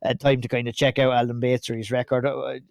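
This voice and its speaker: A chatty man hosting a podcast, with a middle-pitched voice. His sound is dry and close, with no room echo. He keeps the talk loose and easy. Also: flat delivery, fast talker, creaky, a little mellow. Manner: chatty, laughs at his own jokes. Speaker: podcast host. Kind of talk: casual chat.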